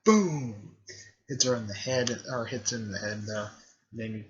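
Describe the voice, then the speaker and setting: A man casually recapping a story in a rambling way, with lots of fillers and frequent throat clearing. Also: mid-range voice, moderate pace. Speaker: video creator recapping a fan series. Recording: dull lo-fi recording.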